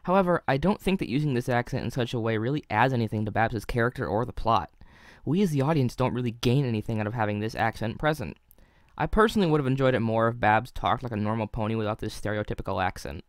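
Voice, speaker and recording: A man's voice: medium pitch, fast talker, dry recording. A young man reads a scripted video review in a middle-range voice, analytical and dotted with wry asides. The recording is dry and close, with no room sound.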